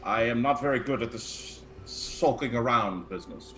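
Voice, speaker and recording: A man's voice: medium pitch, normal speed, fairly bright tone, a little hiss or hum, rough recording. A man playing a tabletop role-playing game, speaking in character in a hesitant, wry way. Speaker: player.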